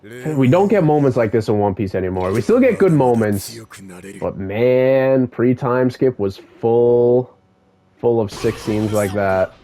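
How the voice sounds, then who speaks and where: A young man giving casual gameplay commentary, excitable and swearing freely as an enthusiastic fan. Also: medium pitch, unhurried. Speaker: gaming YouTuber.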